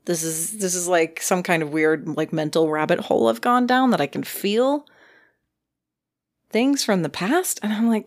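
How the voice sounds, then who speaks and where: A woman with a notably low voice recounts a strange experience in casual podcast chat. She rambles and hesitates, filling pauses with ums and restarts. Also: animated. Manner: rambling, hesitant, with many fillers. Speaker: podcast guest. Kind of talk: casual storytelling.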